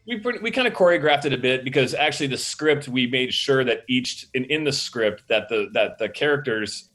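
A film director being interviewed, talking casually with many fillers and restarts, acting out quotes from the set. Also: male voice, medium pitch, lively intonation, a little fast, a bit bright, faint music behind. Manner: rambling, filler-heavy, acts out quotes.

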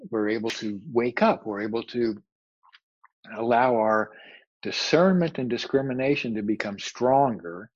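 A man teaching a spiritual lecture in a husky, mid-pitched voice, reflective and often circling back over his words. The sound is dry, with no room echo. The recording is slightly dull and lo-fi. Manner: reflective, searching for words, repeats phrases.

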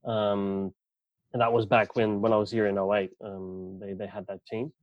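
A man's voice: fairly low pitch, little pitch movement, moderate pace, no echo, lo-fi sound. A Dutch man with a partly Australian accent, a guest chatting casually and rambling with many fillers. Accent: Dutch speaker with a partly Australian accent. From Netherlands. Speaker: guest, club representative. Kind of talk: casual podcast chat.

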